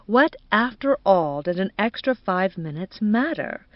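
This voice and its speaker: A woman narrating a literary audiobook in an expressive, measured reading. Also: medium pitch, dry recording. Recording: dull, dry studio recording.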